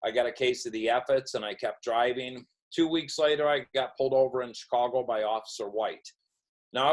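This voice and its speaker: Here a middle-aged man appears as a podcast guest, narrating his recovery in an interview and acting out quoted conversations. His voice is medium in pitch, and the audio quality is poor.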